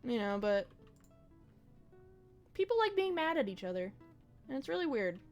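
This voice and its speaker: A woman's voice: fairly high pitch, sing-song, normal speed, faint music behind. A young woman streaming a game, chatting casually in a rambling, reflective way with slang and swearing. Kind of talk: casual chat while gaming on stream.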